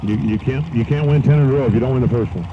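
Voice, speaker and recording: A man's voice: medium pitch, rapid-fire. Man, drag race announcer, joking asides, lo-fi sound, engine noise in background. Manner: joking, folksy asides between runs. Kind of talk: live race commentary. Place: outdoor dragstrip. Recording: dull live-stream audio with loud track noise.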